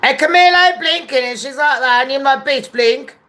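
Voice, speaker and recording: A woman's voice: high voice, fast talker, pushed and bright. A woman hosting a gossip live stream, chatting casually, swearing freely and greeting viewers by name. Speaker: gossip channel host.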